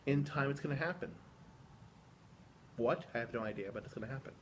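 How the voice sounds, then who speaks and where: A man in a video diary, speaking at a middle pitch in an earnest, rambling way and often restarting his sentences. A faint hum of ambience sits under the recording. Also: brisk. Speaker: vlogger. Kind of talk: reflective personal monologue.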